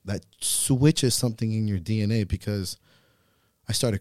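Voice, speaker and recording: A podcast host in his thirties telling a heartfelt personal story, earnest and halting, swearing freely. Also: fairly low pitch, a little mellow, no echo, clean studio sound. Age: 30s. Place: podcast studio.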